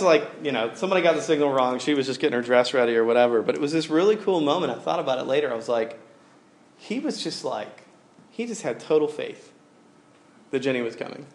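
A man in his thirties preaching a sermon, telling a personal story in a casual, rambling way with many fillers. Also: a little high. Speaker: pastor.

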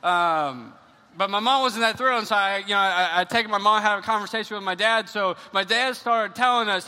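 Young pastor, high and very bright voice, lively storytelling sermon, long church reverb. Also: male voice, fairly quick, smooth. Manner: animated storytelling, repeats words when excited.

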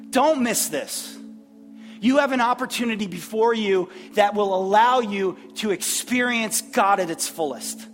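High-voiced earnest male pastor in a hall. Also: fairly bright tone. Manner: earnest, repeats phrases, preacherly pauses. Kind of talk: sermon. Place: church sanctuary.

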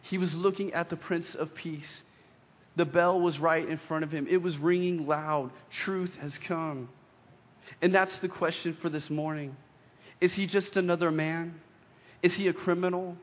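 A man's voice: on the high side, steady tone. Man preaching in an echoing hall. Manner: earnest preaching, reads scripture aloud with emphatic pauses. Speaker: pastor. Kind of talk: sermon. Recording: dull lo-fi sound with long hall reverb.

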